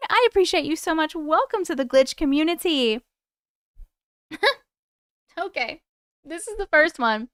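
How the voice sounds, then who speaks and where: A young woman hosting a casual livestream, chatty and excitable with her viewers and swearing freely. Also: sits high, a little slow, pauses often, no room sound, studio quality. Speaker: livestream host.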